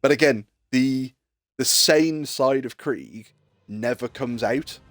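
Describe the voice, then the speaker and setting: A man's voice: medium pitch, slow pace, no echo. Rambling man telling a game story. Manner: rambling storyteller, acting out quotes with fillers. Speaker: streamer. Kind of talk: casual chat while streaming.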